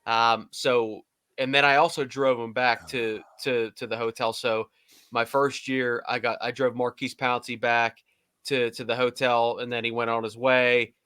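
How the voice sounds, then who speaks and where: A man on a casual podcast, animatedly telling stories with laughter and quick impressions. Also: mid-range voice, level tone, bright, forceful tone, clear, resonant tone, no echo. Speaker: podcast co-host, former team staffer.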